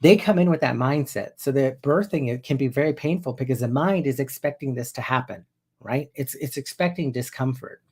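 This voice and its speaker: Hypnotherapist, 50s man, gravelly, chatty teaching tone, loose and rambling delivery. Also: medium pitch, fairly quick, a little mellow. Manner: conversational and loose, often restarting sentences. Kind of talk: casual spoken teaching to viewers.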